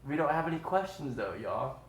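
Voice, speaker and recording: A man's voice: fairly high pitch, big pitch swings, brisk. Upbeat man, casual live chat, kitchen echo. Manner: upbeat, chatty, says "y'all" a lot. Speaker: livestream host. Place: home kitchen. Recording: roomy echo.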